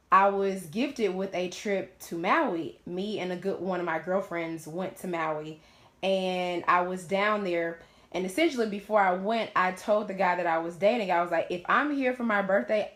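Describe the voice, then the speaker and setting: Candid woman in an echoey room. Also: on the low side. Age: late 20s. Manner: candid, talks openly and swears freely. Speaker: host of a live Q&A stream. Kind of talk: casual personal testimony. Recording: roomy echo.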